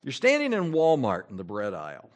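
Male pastor in church, sermon delivery, wide-ranging animated pitch. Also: a little fast. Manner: animated preaching with rhetorical questions and repetition.

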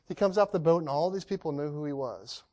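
Male preacher, slightly high voice; earnest, repetitive, builds loud then drops quiet. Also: fast. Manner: earnest, repetitive, rhetorical questions, frequent restarts; swings between loud emphasis and hushed lows. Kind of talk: sermon.

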